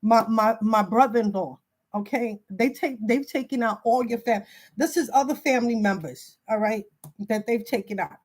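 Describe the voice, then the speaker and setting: A woman's voice: fairly high pitch, moderate pace, a little mellow. A woman talking straight to her viewers in an urgent, emotional monologue, often stumbling and repeating words as she warns them. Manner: urgent warning tone. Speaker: spiritual video creator. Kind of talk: emotional direct-to-camera monologue.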